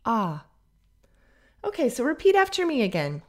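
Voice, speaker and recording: A woman teaching pronunciation on a podcast, slowly modeling vowel sounds and example words for listeners to repeat. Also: medium pitch, very animated. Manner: slow, careful, drawn-out modeling of vowel sounds.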